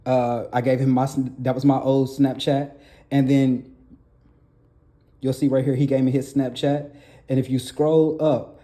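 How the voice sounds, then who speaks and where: A young man with a mellow, relaxed tone tells his own story in emotional testimony. He stumbles and repeats himself, circling back to the same phrases with pleading insistence. His voice sits at a middle pitch. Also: a little slow, pauses often. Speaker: documentary narrator telling his own story.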